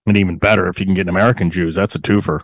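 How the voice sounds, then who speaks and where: A man's voice: low voice, steady tone, racing, no room sound, clean studio sound. A man hosting a talk radio show, delivering an emphatic, sarcastic monologue.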